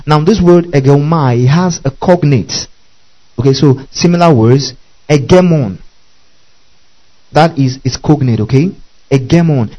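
A man's voice: a little high, mellow, highs cut off. A man preaching as pastor, teaching through scripture, repeating key phrases and asking the congregation to underline them. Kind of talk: sermon.

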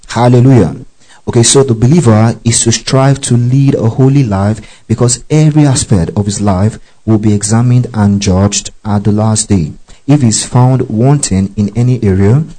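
A man's voice: lowish voice, dark tone, rough recording. A man teaching a Bible study, reading verses aloud and often asking the class if they follow. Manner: checks in often with the class, spells out Greek words.

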